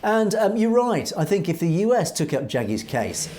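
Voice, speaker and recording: A man's voice: high-pitched, big pitch swings, moderate pace, mellow. A man co-hosting a political commentary show, emphatic and earnest, often restarting his sentences as he reads out viewer comments. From United Kingdom. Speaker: co-host reading viewer comments.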